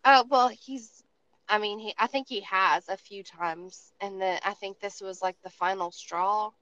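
A woman hosting a podcast, telling stories in a casual, profane, animated way with lots of restarts. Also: medium pitch, measured pace, no room sound, highs cut off. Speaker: podcast host.

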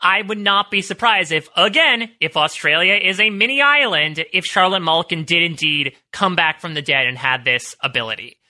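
A man's voice: high voice, moderate pace, hardly any pauses, sharp tone. A man co-hosting a TV recap podcast, thoughtful and hedging, often restarting his sentences. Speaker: podcast co-host. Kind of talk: casual TV recap analysis.

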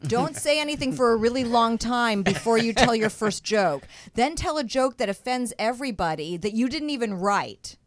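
A woman's voice: fairly high pitch, lively intonation, normal speed, few pauses, no room sound. Emphatic woman comedian guest, dry sound. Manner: earnest, emphatic explaining. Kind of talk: talk show conversation.

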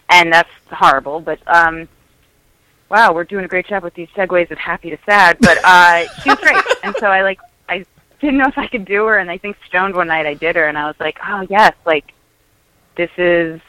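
A woman's voice: on the low side, normal speed, bright, forceful tone, no room sound, low-quality recording. A woman guest on a podcast, joking and sarcastic in casual chat.

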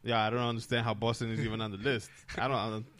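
A man's voice: on the low side, flat delivery, very fast, fairly bright tone. A man in his forties with a New Jersey accent, co-hosting a podcast in casual, joking and blunt banter. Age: 40s. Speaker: podcast co-host. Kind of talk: casual chat.

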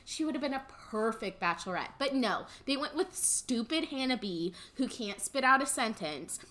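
A woman's voice: fairly high pitch, lively intonation, moderate pace, pushed and bright. A young woman co-hosting a casual chat, blunt and emphatic in her opinions. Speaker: co-host.

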